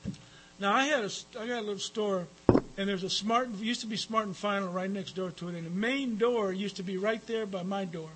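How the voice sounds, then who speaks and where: A man's voice: high voice, fairly quick, noisy background. A man giving a rambling personal talk at a recovery meeting, with frequent fillers and some profanity.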